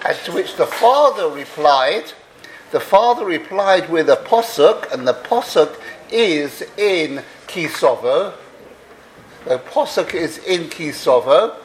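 Male storyteller, high, lively voice, slow pace, echoey hall with a crowd murmuring. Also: slight background noise. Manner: animated, drawn-out storytelling with laughter. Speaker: storyteller speaking to a gathering. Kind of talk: storytelling talk.

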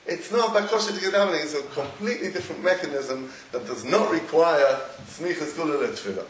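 A high-voiced man teaches a Talmudic class in a roomy space a faint hiss behind him. He stumbles and restarts often, and laughs between points. His delivery is lively and informal. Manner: animated, halting with repeated restarts, laughs often. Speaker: Torah teacher. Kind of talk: Talmudic lecture. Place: echoey room with a live audience. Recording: roomy echo, faint noise.

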